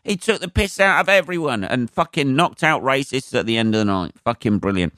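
Profane comedian with a dry sound. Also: male voice, medium pitch, expressive, fairly quick, sharp tone, dry recording. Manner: profane and rambling. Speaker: comedian and podcast host. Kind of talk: solo podcast rant.

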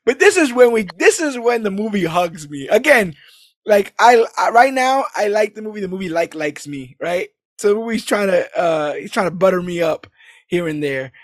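A man recapping a movie in casual podcast chat, animated and laughing as he acts out lines. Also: high voice, normal speed, no room sound, studio quality. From New York City. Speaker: podcast co-host.

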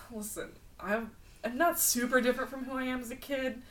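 A woman co-hosting a podcast, chatting casually about an animated film, self-mocking and laughing often. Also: sits high, normal speed, recorded from a distance, poor audio. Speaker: podcast co-host.

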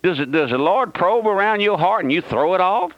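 A man's voice: high-pitched, expressive, fairly quick, no room sound. A man preaching a radio sermon as pastor, fervently and repeatedly questioning his listeners. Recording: dull lo-fi dry radio broadcast.

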